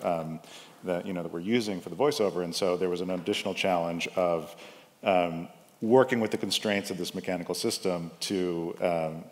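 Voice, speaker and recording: Very deep-voiced filmmaker man, stumbling. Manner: stumbling repetitions while explaining. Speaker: documentary filmmaker on a panel. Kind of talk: conference panel talk. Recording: long hall reverb.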